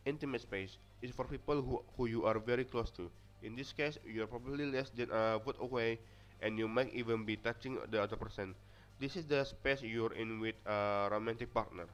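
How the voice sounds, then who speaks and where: Soft music runs in the background while a young Indonesian-accented man, Indonesian by mother tongue, gives a student presentation from notes. He often stumbles and begins again, speaking at a normal speed in a mid-range voice. The recording sounds dull and lo-fi.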